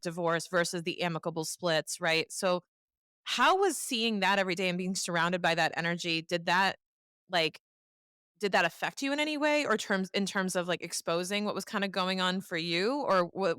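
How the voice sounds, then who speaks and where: A woman's voice: fairly low pitch, fairly bright tone, clear, resonant tone, no room sound, studio quality. A woman with a North Shore Boston accent hosting a podcast, chatty and laughing as she asks long rambling questions. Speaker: podcast host. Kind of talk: podcast conversation.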